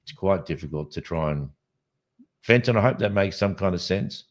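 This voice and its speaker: An Australian man hosting a casual late-night podcast, rambling and joking as he thinks out loud. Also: low-pitched, animated, normal speed. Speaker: podcast host.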